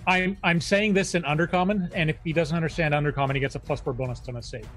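A man's voice: a little high, fairly even intonation, fast, a bit bright, faint music behind. A man playing a tabletop game, describing his character's spells and attacks in a playful, joking way. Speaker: player. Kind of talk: casual tabletop play.

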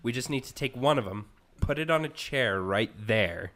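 A man's voice: medium pitch, expressive, normal speed, fairly bright tone. A man in a casual podcast chat who suggests practical fixes and makes dry jokes. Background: friends laughing.

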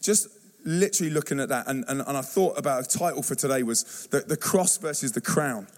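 A man preaching a youth-focused sermon in a church, telling stories and acting out voices with animated energy. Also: mid-range voice, fairly quick. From England. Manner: animated storytelling, acts out youth slang and voices. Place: church hall.

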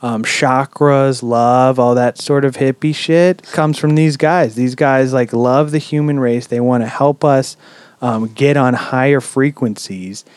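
A man hosting a podcast, telling a story in a relaxed, chatty way with lots of "um"s and casual swearing. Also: medium pitch, measured pace, dry recording. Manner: relaxed, swears freely, many "um"s. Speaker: podcast host.

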